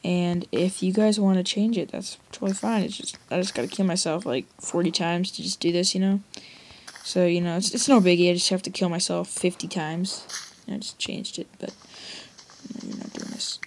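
A woman's voice: lowish voice, moderate pace, darkish tone, slight background noise. A young woman giving rambling, jokey commentary on her own gameplay and talking straight to her viewers. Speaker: let's play gamer. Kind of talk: casual game commentary.

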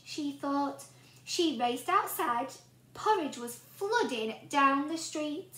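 Speaking slowly in a high-pitched voice, a female teacher animatedly reads a picture book to little kids and quizzes them along the way. The recording carries a roomy echo.

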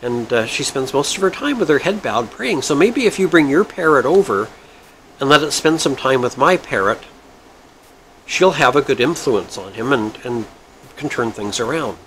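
A man's voice: mid-range voice, animated, normal speed, fairly bright tone, slight background noise, natural voice, rough recording. A man voicing an elderly, pious churchgoing woman who talks in a chatty, earnest, homely way.

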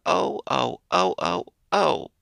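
A man's voice: on the low side, lively intonation, measured pace, sharp tone, no echo, heavily acted. A man voicing a fretful, greedy wooden puppet boy who wails and complains in a raised, strained voice. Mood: wailing. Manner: wailing, fretful.

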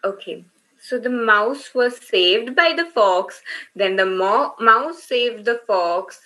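A woman's voice: fairly high pitch, expressive, slow pace, pushed and bright, poor audio. A woman teaching children in an online workshop, retelling a story and running quizzes, encouraging them and often checking in with "okay?".

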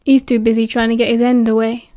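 A woman's voice: on the high side, flat delivery, fast talker, warm tone, close to an everyday voice. A woman with a British accent voicing a prickly, tired teenage boy who answers curtly and coldly. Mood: guarded. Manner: curt, cold, clipped.

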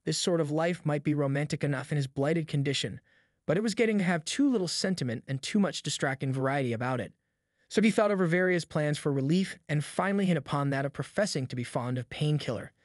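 An audiobook narrator reads a classic story as scripted narration, his delivery steady and measured. His pitch runs a little high for a man, and the sound is close and dry with no room sound.

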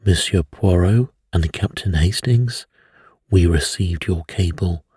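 A man reading a bedtime story voices a grave, steadfast British museum expert who speaks in a measured, formal way. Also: low-pitched, warm tone, husky, no room sound, studio quality, heavily acted.

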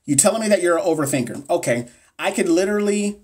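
A man's voice: high-pitched, animated, fast, darkish tone, slightly rough. A man coaching nursing students on a livestream. He reads chat comments aloud and answers viewers by name in a blunt, profane, encouraging way.

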